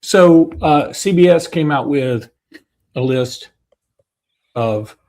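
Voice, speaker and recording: A man's voice: fairly high pitch, takes it slowly, darkish tone. A middle-aged man co-hosts a sports podcast in a loose, joking way. He rambles, circles back and fills gaps with ums and uhs. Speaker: podcast co-host. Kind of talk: casual sports podcast chat.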